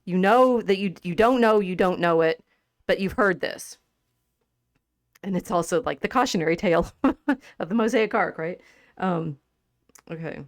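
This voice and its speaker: A woman hosting a podcast in a casual discussion about literature. She talks in an animated way, laughs often and restarts her sentences. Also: fairly low pitch, normal speed, no echo, clean studio sound. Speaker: podcast host.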